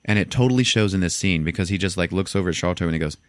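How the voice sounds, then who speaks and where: Deep-voiced man retelling a film. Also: very fast, no echo. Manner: laughing storyteller, acts out lines. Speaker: podcast host. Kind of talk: casual film recap.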